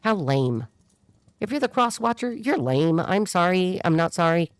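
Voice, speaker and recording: A woman talks through a tarot reading in a loose, rambling way. She is blunt and irreverent, and her voice sits a little low. The sound is close and dry, with no room around it. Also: animated, normal speed, no room sound. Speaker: tarot reader. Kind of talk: casual tarot reading monologue.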